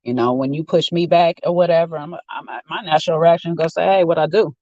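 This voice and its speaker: A man's voice: on the high side, fast talker, a little mellow, no room sound, dull audio. A man giving a rambling, opinionated casual rant while sitting in a car. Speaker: vlogger. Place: inside a car.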